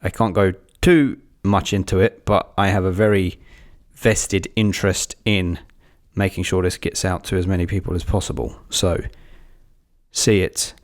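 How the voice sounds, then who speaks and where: Casting: low-voiced man, thirties, blunt podcast co-host who swears and rambles. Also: steady tone, moderate pace. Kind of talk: casual film podcast chat.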